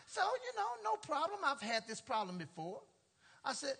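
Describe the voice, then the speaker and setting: A male pastor with a very high, bright and piercing voice preaches in a lively, storytelling way. He laughs often and throws casual asides to his congregation. His speech is loose and colloquial, full of "y'all" and "ain't". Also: normal speed. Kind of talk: storytelling sermon.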